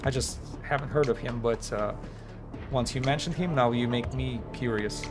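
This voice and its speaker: A man's voice: mid-range voice, normal speed, over music. A man chatting casually during a live game stream, thinking aloud with fillers and slightly non-native phrasing, his voice tired after hours of talking.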